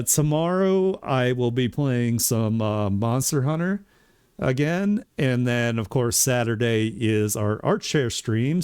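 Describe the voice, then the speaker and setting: A man's voice: medium pitch, a little mellow, clean tone, no room sound, clean studio sound. A man chatting casually as a streamer while he makes art, laid-back and joking at his own expense.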